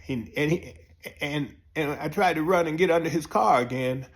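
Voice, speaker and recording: A man telling a profane comic story, jumping up high when excited. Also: moderate pace. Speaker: comedian storyteller. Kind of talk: comic monologue.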